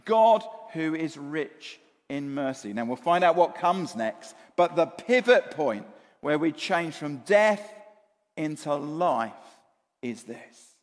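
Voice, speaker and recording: A man preaching a sermon, animated, often repeating words and asking the congregation questions. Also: high voice, takes it slowly, big-room sound.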